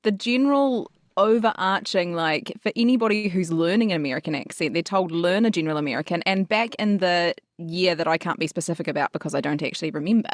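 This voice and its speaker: A woman's voice: lowish voice, a little fast, hardly any pauses, no echo, studio quality. Rambling New woman. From New Zealand. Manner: rambling, loose, thinks aloud. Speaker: voice actor podcast host. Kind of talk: casual chat.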